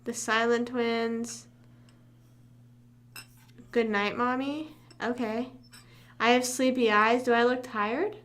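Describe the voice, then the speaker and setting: A young woman rambles casually to her livestream chat. Her voice sits a little high and sounds bright and forceful. She wanders off topic and hums to herself between remarks. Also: fairly even intonation, slow, long pauses. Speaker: livestream host.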